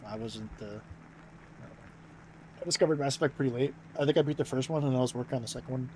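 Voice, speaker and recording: Rambling young American streamer. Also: male voice, medium pitch, quick pace, darkish tone, a little hiss or hum, low-quality recording. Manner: rambling, filler-heavy, self-interrupting. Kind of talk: casual stream chat.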